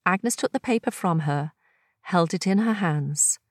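Calm, slow-paced woman narrator. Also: fairly low pitch, no echo, clean studio sound. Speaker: audiobook narrator. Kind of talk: scripted narration.

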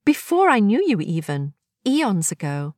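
Brief: woman voicing a wistful grown woman, bright lilting delivery, unhurried, close dry sound. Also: mid-range voice, big pitch swings, no echo.

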